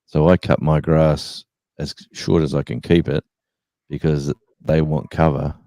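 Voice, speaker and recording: A very low, gravelly Australian man tells rambling stories in a relaxed live-stream chat. His voice is dark and mellow, and it sounds dry and close. He fills his talk with ums and restarts. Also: a little slow, no room sound. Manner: rambling storyteller, many fillers.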